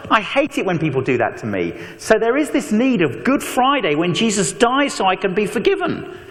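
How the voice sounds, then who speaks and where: A man preaching an animated evangelistic talk, telling stories with mock voices and asides. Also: sits high, moderate pace. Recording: long echo of a large hall.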